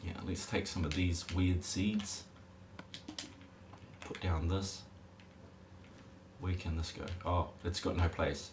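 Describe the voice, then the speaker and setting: A man with a very deep voice streams a game, rambling and tossing jokey asides to his chat. The recording carries a steady noisy hiss with keyboard typing behind. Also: unhurried, long pauses. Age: adult parent. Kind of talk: casual live-stream commentary.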